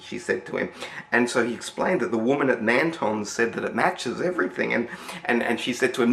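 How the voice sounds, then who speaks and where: Man, storytelling, rambling restarts, mid pitch, roomy echo. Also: brisk, vocal fry, a bit bright. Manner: rambling, many restarts and repeated words. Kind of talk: spoken storytelling.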